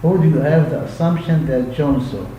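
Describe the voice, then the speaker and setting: A man giving a linguistics lecture, explaining slowly with many repetitions and frequent checks for understanding. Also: a little high, dull audio. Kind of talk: recorded lecture. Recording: echoey room with faint hum.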